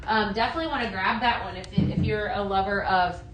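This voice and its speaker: A woman's voice: mid-range voice, a little fast, a little hiss or hum. A woman hosting a live shopping stream, chatting and gushing over products while she reads out viewer comments, with plenty of fillers. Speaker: live shopping show host. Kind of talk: live product demo chat.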